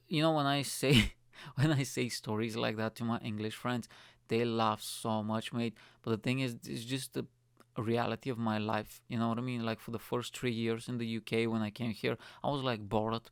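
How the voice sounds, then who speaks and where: A man's voice: medium pitch, vocal fry, clear, resonant tone, no room sound, studio quality. A young man from Bulgaria, rambling through a casual solo podcast monologue, swearing freely and saying "mate" constantly. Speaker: comedian and podcast host.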